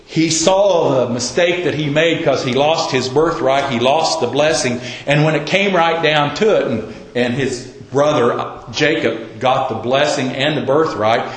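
A man preaching a sermon, telling the story in a folksy, conversational way. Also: medium pitch. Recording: roomy echo.

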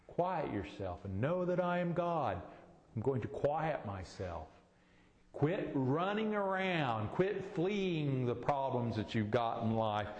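A man's voice: mid-range voice, darkish tone, echoey room, in a large hall, lo-fi sound. A man preaching a sermon, exhorting with repeated short commands in a church.

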